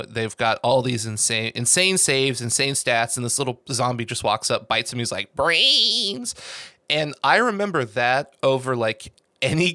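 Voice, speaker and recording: A man hosting a podcast, telling stories in casual conversation and acting out other people's lines in lively voices. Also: mid-range voice, no room sound, studio quality. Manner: animated storyteller who acts out quoted voices. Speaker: podcast host.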